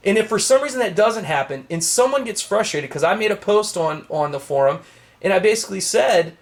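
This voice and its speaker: High-voiced man on a heated rant. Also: animated, a little fast. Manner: heated, emphatic ranting with swearing. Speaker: knife collector vlogger. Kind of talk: ranting to camera. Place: small home office.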